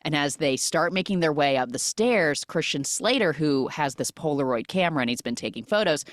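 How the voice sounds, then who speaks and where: Host, woman, lowish voice, very expressive pitch, dry close sound, chatty storyteller. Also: fairly quick, no room sound. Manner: animated storytelling with frequent "like" fillers. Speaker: podcast host. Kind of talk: casual film recap.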